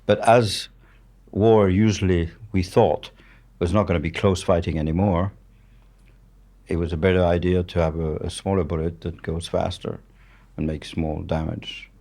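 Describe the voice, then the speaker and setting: Speaking English with a French accent, this seventies-aged war journalist is a guest sharing candid stories in conversation. His voice is low, steady and mellow at a normal pace, and his manner is blunt and matter-of-fact, with plenty of swearing.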